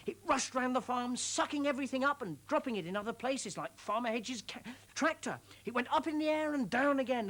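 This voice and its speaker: A British woman presenting children's television, telling a story to young children in a gentle, expressive, exclaiming way. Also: sits high.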